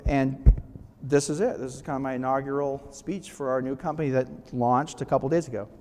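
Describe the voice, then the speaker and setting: A man's voice: medium pitch, fairly even intonation, brisk, warm tone, slight background noise. A man giving a casual motivational talk to a live audience, often checking in with them and restarting phrases. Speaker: guest speaker. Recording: long hall reverb.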